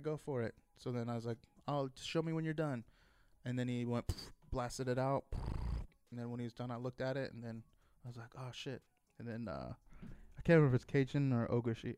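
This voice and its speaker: A man's voice: mid-range voice, a little mellow, clean tone, no room sound. A man talking casually on a podcast, telling a rambling story full of fillers, restarts and swearing. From Texas. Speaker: podcast host.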